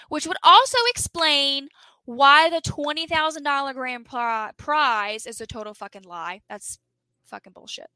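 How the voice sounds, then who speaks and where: Bright, dry-voiced young woman podcaster. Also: sits high, measured pace, clean tone, no room sound, rough recording. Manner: animated storytelling, swearing, acting out quotes. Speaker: podcast co-host. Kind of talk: casual true-crime podcast chat.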